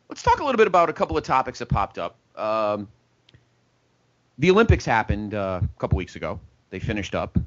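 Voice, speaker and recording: Lively rambling male sports host. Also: on the low side, dry recording. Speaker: sports talk show host. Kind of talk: casual sports talk chat. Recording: dull, lo-fi podcast audio.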